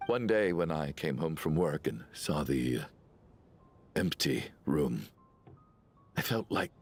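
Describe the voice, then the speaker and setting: An actor playing a weary, grieving middle-aged father in a video game, confessing slowly with heavy sighs. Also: very deep voice, lively intonation, breathy edge, soft background music, heavily acted. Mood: sorrowful. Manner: slow, heavy, sighing confession. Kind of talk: game voice acting.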